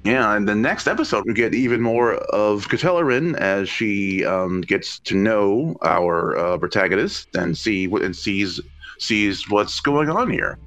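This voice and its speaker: Bright animated man guest, stammering. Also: fairly low pitch, a little slow. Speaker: guest writer. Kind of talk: casual chat.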